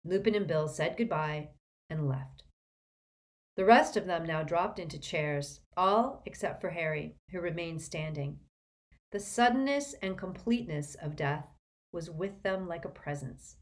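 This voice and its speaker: A woman narrating a storybook in an expressive reading style. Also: deep voice, unhurried. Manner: expressive, shifts voices for characters. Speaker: audiobook narrator.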